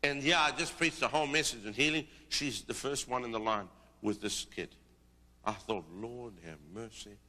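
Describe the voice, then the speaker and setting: A middle-aged man preaching, telling a testimony with animated delivery and rising into declamatory prophecy. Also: medium pitch, normal speed. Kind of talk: sermon with testimony and prophetic exhortation. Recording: long reverb of a large hall.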